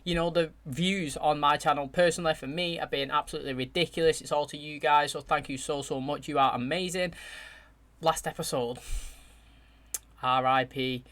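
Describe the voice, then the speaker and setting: A man hosting his channel, chatting excitedly as he reacts to a show's finale and addresses his viewers directly. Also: on the high side, moderate pace. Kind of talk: casual reaction commentary.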